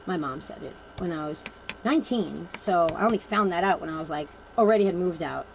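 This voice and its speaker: A woman's voice: fairly low pitch, brisk, vocal fry, a little hiss or hum, low-quality recording. A woman giving a casual oracle card reading, telling personal stories in a blunt, rambling and emphatic way.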